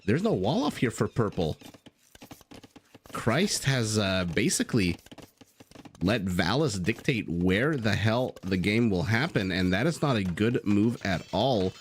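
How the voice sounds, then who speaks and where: A man's voice: lowish voice, big pitch swings, measured pace, a little hiss or hum. A man casting a strategy game live, chatting casually with viewers and telling stories as he goes. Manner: chatty, easygoing, swears casually, tells stories.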